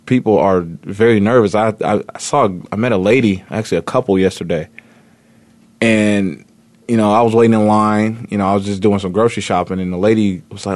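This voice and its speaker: A man's voice: on the low side, a little mellow, dry recording. A man hosting a sports talk radio show, chatting casually and rambling with lots of fillers and restarts. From Indiana.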